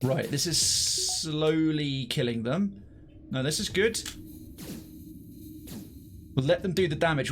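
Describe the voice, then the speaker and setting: Man in his twenties or thirties, somewhat high voice, live game commentary, swears and talks through his moves. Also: slow pace, pauses often, soft background music. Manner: animated, swearing, thinks aloud. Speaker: streamer.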